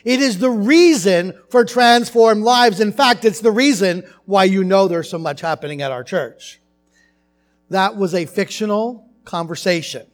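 A male pastor preaching a sermon in his church, telling stories in a conversational way with animated asides. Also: high-pitched, measured pace, soft background music. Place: church sanctuary.

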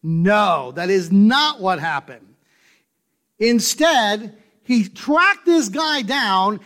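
Taking it slowly, with a sing-song delivery, a male pastor preaches emphatically and poses one rhetorical question after another. His voice sinks to soft, low asides and then climbs to loud, stressed points.

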